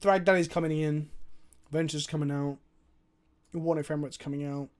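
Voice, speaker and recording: A young man streaming a card game, talking through his plays and chatting with viewers in an animated, foul-mouthed, self-mocking way. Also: on the high side, moderate pace.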